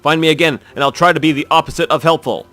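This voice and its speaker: A man's voice: a little high, fast, pushed and bright, faint music behind. A man voicing a quirky, formal talking fish in a video game.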